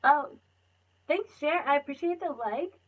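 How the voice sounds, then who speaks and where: A woman's voice: sits high, lively intonation, a little slow, rough recording. A young woman chatting casually on a phone livestream, rambling with lots of fillers and frequent laughs. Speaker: livestream host.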